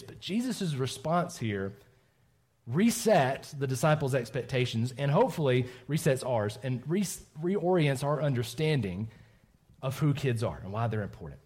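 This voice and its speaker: Lively pastor man talking to kids. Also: mid-range voice, breathy edge. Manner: animated, asks kids questions, tags lines with "right?". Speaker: pastor giving a children's message. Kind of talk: children's sermon.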